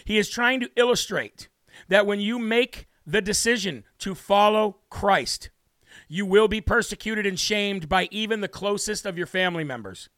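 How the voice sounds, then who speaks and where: A man's voice: high voice, normal speed, a bit bright, no echo, studio quality. A male talk show host giving a brash, emphatic, preachy monologue with a scripture reading.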